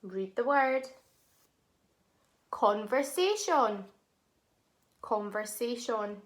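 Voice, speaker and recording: A woman teaching a phonics lesson to young children, sounding out words syllable by syllable and praising them warmly. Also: on the high side, lively intonation, extremely slow.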